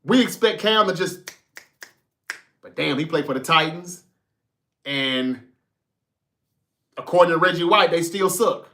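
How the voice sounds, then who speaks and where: A man hosting a casual sports talk livestream, reading viewer comments and talking straight to the chat with a profane, animated manner. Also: fairly high pitch, measured pace, long pauses. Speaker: sports talk show host.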